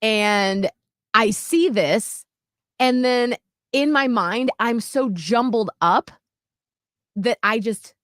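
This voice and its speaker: A woman co-hosting a radio show, telling a story in lively casual chat. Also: fairly high pitch, slow pace, long pauses, dry recording, clean studio sound. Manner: animated storytelling, acts out quotes.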